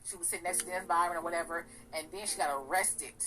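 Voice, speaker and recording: Brief: female gossip host, bright, a little raspy, sassy and profane, faint music behind. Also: on the low side, fast talker, rough recording. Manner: sassy, blunt, profane ranting. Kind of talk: casual commentary.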